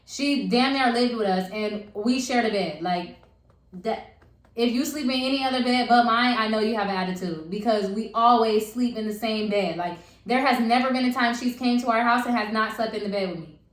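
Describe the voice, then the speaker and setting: A young woman telling a story in casual chat, animated and profane, acting out the people she quotes. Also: a little high, moderate pace. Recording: echoey room.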